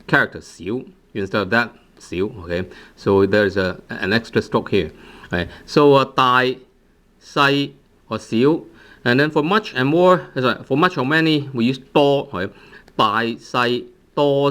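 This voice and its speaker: A man's voice: medium pitch, a bit bright. Hesitant male language teacher. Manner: hesitant, many fillers and repeated drilled words. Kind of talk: language lesson.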